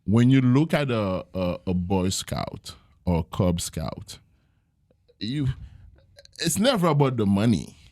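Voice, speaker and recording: A man's voice: on the low side, big pitch swings, slow, pauses often, a little mellow, no room sound, studio quality. A man, a jiu-jitsu gym owner and podcast guest, talking in a casual interview in an earnest, reflective way, with frequent fillers as he tells stories.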